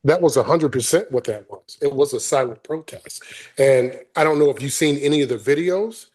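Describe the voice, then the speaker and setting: Man, veteran guest, husky voice, laid-back and profane. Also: mid-range voice, normal speed, a little mellow. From Helena, Arkansas, US South. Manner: easygoing, profane, laughs often. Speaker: podcast guest, military veteran. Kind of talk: casual podcast chat.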